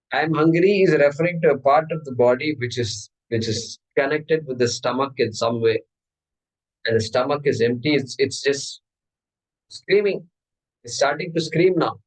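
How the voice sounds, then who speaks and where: A man's voice: on the high side, low-quality recording. A man giving a spiritual discourse as teacher, asking his listeners question after question. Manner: questioning, animated. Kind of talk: Vedanta discourse.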